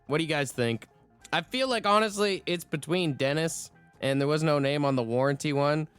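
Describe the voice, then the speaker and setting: A man's voice: on the high side, moderate pace, fairly bright tone, smooth, faint music behind. Laid-back joking male radio host. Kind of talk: casual morning radio chat.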